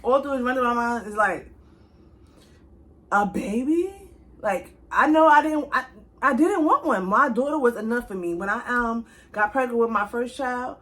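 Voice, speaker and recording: A young woman telling a casual storytime straight to her viewers, chatty and animated, with speech. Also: a little high, normal speed. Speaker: vlogger.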